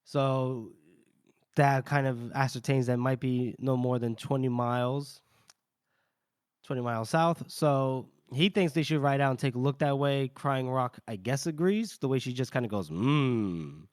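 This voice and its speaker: A man with a medium-pitched, darkish, clear and resonant voice co-hosts a podcast, recapping a novel's chapters in easygoing chat. He voices characters briefly as he retells scenes and laughs frequently. Dry recording, clean studio sound.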